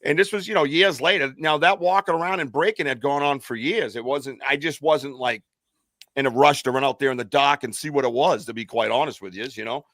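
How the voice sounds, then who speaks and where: Brisk and a bit bright, this mid-range male voice belongs to an American podcast co-host. He tells a long personal story casually, wandering off track with plenty of fillers and restarts. The studio sound is clean, without any room sound.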